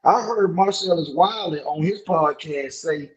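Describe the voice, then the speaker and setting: A man's voice: a little high, measured pace, hardly any pauses, highs cut off. A man co-hosting a podcast in casual chat, talking emphatically and repeating himself. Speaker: podcast co-host.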